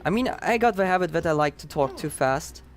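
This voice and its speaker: A man's voice: on the high side, animated, brisk. A man with a Dutch accent giving chatty, upbeat live commentary on his own speedrun, explaining as he plays.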